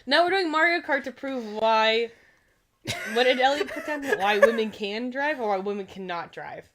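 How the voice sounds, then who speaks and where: A woman's voice: fairly high pitch, normal speed. A woman co-hosting a casual game stream, giggly and teasing, laughing between almost every line. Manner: animated, teasing. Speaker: streamer co-host. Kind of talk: casual chat.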